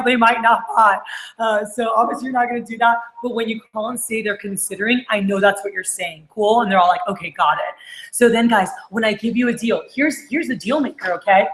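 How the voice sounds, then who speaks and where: A woman giving an energetic sales training talk to managers, acting out phone calls in quick quoted voices. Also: a little high, echoey room, rough recording.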